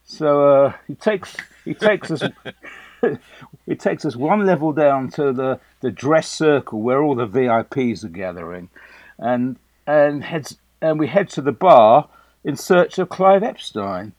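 A man's voice: medium pitch, animated, unhurried, darkish tone, dry recording. Older English man telling an anecdote. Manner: anecdotal, chatty with frequent fillers and restarts. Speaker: guest. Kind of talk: conversational storytelling.

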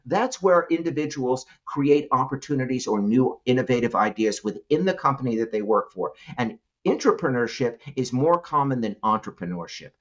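A man's voice: medium pitch, expressive, normal speed, hardly any pauses. A middle-aged man talks as an interview guest, telling a story with lots of swing in his voice and frequent laughs. He restarts words often and keeps it casual. The recording sounds a little dull and lo-fi. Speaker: guest, entrepreneur.

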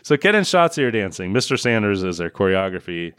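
A man's voice: on the low side, big pitch swings, fairly quick, fairly bright tone, clear, resonant tone, no room sound, studio quality. A man co-hosting a comedy podcast, recapping a film in a sarcastic, profane, mocking way.

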